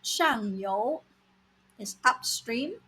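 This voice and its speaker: A woman teaching vocabulary in a scripted lesson, saying words slowly and repeating them for learners. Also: a little high, animated, sharp tone, slightly rough, rough recording. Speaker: language teacher.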